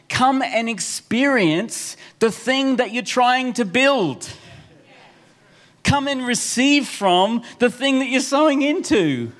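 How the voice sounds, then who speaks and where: High-voiced man preaching a sermon. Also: a bit bright. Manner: earnest, repeating key phrases for emphasis. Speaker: pastor. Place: church service.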